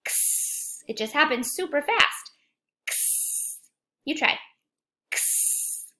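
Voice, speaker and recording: A woman teaching a children's phonics lesson, speaking slowly and clearly, encouraging and asking young viewers questions. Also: a little high, bright, forceful tone. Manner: slow, clear, encouraging, asks questions to kids.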